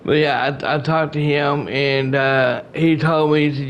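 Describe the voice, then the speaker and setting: A man's voice: a little high, fairly even intonation, unhurried. Rambling man with a drawl. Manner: rambling, repeats and restarts often, retells conversations. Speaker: gaming channel host. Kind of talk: casual vlog update to viewers. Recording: dull lo-fi home recording with faint noise.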